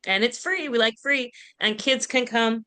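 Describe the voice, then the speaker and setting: A woman's voice: fairly high pitch, normal speed, bright, forceful tone, clear, resonant tone. A woman on a panel chiming in with short, upbeat remarks.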